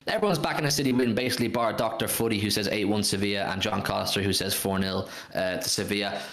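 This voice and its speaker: A man's voice: fairly low pitch, steady tone, quick pace, fairly bright tone. A man hosting a casual football fan livestream, reading out viewers' comments and swearing now and then. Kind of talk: casual live-stream chat.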